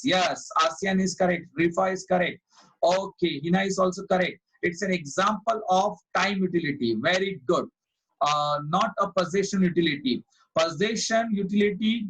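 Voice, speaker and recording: A man's voice: sits high, a bit bright, rough recording. A man with an Indian English accent teaching a live online commerce class, quizzing students, repeating key phrases and praising correct answers.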